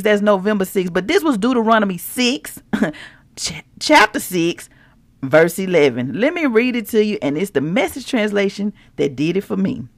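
A woman with a gravelly edge and a high voice that swoops all over as she preaches to her listeners. She takes her time, unhurried and exuberant, in a dry, close recording. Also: no echo. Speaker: podcast host. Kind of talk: devotional blog podcast.

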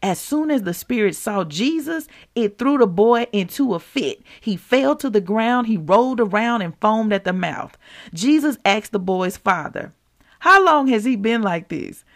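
A woman hosting a devotional show, reading scripture and teaching listeners in an animated, conversational way, calling them y'all. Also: mid-range voice, a little slow. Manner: animated, laughs often, addresses listeners as y'all. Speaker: podcast host and preacher.

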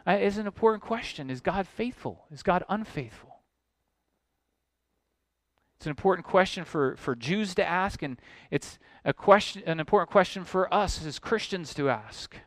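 A man pastor delivering an expository sermon with earnest conviction, his voice sitting a little high for a man. He builds toward emphatic, pressing questions. The sound is dry and close, with little room around it. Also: expressive, moderate pace, no room sound.

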